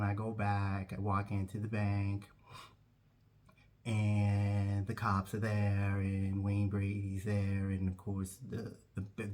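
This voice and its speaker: A man telling a comic anecdote who acts out every voice in an animated way. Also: lowish voice. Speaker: comedic storyteller.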